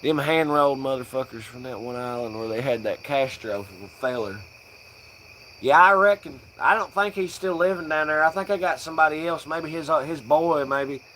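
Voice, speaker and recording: A man playing a swaggering Southern country man with a thick put-on drawl. His voice is bright and rowdy, and faint crickets chirp in the background. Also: fairly high pitch, normal speed, a little hiss or hum. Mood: boastful. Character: boastful good ol' Southern country man.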